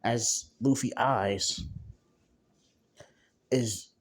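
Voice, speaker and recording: A man's voice: mid-range voice, very slow. A man casually narrating an improvised fan story, stringing scenes together with a loose, repetitive way of talking. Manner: casual, repeats "as he's like".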